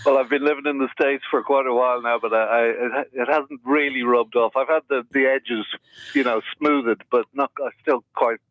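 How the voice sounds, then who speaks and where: A man's voice: mid-range voice, fairly even intonation, moderate pace, no echo, dull audio. A man with an Irish accent, a guest on a radio talk show, telling friendly anecdotes. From Ireland. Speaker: interview guest, author. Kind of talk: casual interview chat.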